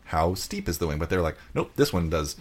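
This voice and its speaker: A man's voice: deep voice, very animated, a little fast, breathy edge. A man co-hosting a podcast, chatting casually and saying "like" a lot, with dry quips. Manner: chatty, lots of likes, dry corrections. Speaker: podcast co-host. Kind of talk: casual race recap chat.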